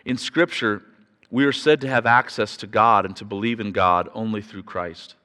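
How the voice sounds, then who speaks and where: A man's voice: fairly low pitch, moderate pace. Man preaching in a reverberant hall. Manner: chatty storytelling with restarts, rising loud when excited. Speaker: pastor. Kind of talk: sermon. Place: church sanctuary.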